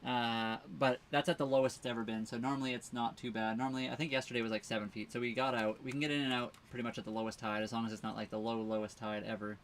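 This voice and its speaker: A man's voice: medium pitch, flat delivery, quick pace, hardly any pauses, fairly bright tone, slight background noise. A man co-hosting a casual livestream from his sailboat, answering viewer questions in a rambling way, full of fillers and restarts. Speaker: livestream co-host living on a sailboat.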